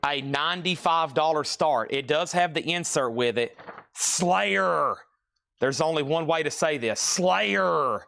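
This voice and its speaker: A man hosting a live-stream record auction, rattling off prices and bids in quick, playful sales patter. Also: a little high, a bit bright, a little hiss or hum.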